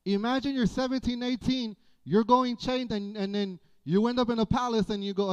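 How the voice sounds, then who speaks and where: A man preaching a sermon as pastor, in a folksy, animated way with playful asides. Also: very high-pitched, moderate pace, few pauses, clear, resonant tone. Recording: dull lo-fi church audio.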